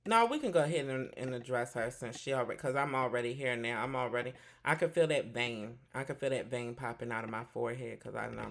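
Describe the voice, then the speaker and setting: Sassy gravelly-voiced host, calling everyone honey. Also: mid-range voice, fast, few pauses, fairly bright tone. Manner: sassy, peppers talk with "child" and "honey". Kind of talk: casual commentary.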